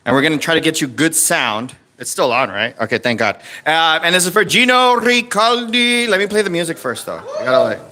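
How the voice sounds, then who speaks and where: Bright, rambling comedy show host. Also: male voice, on the high side, big pitch swings, a little fast, hardly any pauses. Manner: rambling, full of ums and uhs. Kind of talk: livestream emcee chat. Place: comedy club stage.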